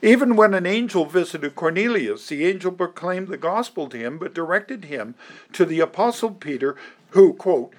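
A pastor preaching a sermon to his congregation, deliberate and emphatic, with the odd dry aside. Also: fairly high pitch, lively intonation, a little mellow.

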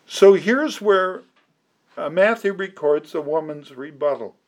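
Slow, deliberate male preacher. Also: sits high, expressive. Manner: slow, deliberate, emphatic, with occasional restarts. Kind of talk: expository sermon.

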